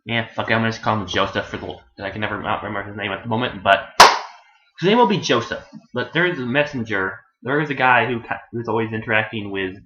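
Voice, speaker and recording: A man talks through his review in a loose, meandering way, his pitch swinging up and down. He keeps restarting his sentences and drops casual swearing. The sound is dull and lo-fi, with noticeable room echo around him. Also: expressive, fast, background noise. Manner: meandering, self-correcting, profane; acts out characters in shrill voices. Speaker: anime reviewer.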